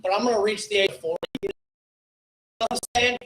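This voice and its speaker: A man with a raspy, hoarse voice doing a profane, rambling stand-up set about drug trips at an open mic. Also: high-pitched, quick pace, fairly bright tone. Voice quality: raspy from festival flu. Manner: profane, rambling stoner storytelling. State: hoarse, coughing. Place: small comedy club stage. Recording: echoey club room.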